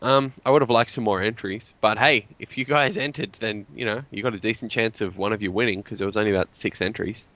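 A man's voice: fairly low pitch, fast, few pauses, a bit bright, no echo. A man co-hosting a casual podcast. His talk is wry and teasing, and he laughs easily. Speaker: podcast co-host.

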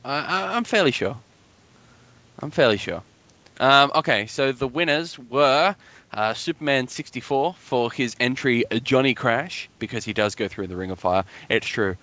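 A man's voice: mid-range voice, expressive, moderate pace, bright, forceful tone, no room sound. A man co-hosting a casual gaming podcast, joking around and laughing often. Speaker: podcast co-host.

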